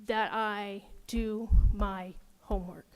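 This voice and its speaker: A woman's voice: mid-range voice, steady tone, slow pace, clean tone. A woman giving a passionate, heated public comment at a city council meeting, repeating her points.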